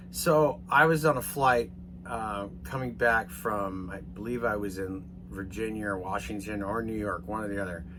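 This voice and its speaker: A man telling a rambling, casual story to his viewers, swearing now and then and getting animated as he retells it. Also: on the low side, noisy background. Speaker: vlogger.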